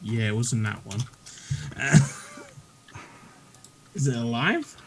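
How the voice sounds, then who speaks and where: A man's voice: mid-range voice, sing-song, a crowd in the background. A man playing in a tabletop game with friends, joking and teasing the others. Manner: joking, teasing, quick to laugh. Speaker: player. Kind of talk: casual tabletop game chat.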